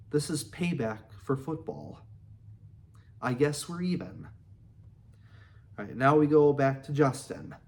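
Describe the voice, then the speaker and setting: A man reading a memoir aloud in an earnest, steady way. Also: mid-range voice. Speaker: audiobook reader.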